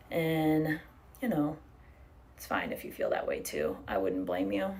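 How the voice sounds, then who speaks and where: A young woman livestreams from her living room, braiding her hair as she reads viewer comments out loud and swears freely in casual chat. Her low, slightly mellow voice is very animated, though her pace is measured.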